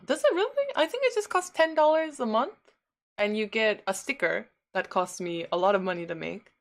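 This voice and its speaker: A woman's voice: on the high side, lively intonation, moderate pace. Chatty woman streamer who laughs a lot. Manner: laughs often, chatty, answers chat messages. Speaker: livestreamer. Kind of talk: casual chat with viewers.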